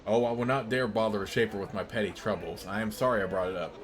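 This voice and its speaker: A man's voice: fairly low pitch, fairly even intonation, quick pace, background noise, lightly acted. Man reading a timid, apologetic innkeeper woman. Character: anxious humble female innkeeper, overworked and worried.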